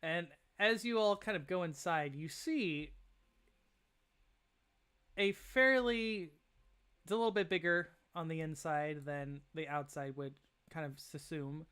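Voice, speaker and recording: Game master, tabletop game narration, hesitant and filler-heavy, smooth clear voice. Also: mid-range voice, a little slow, a bit bright. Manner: hesitant, full of fillers like "kind of".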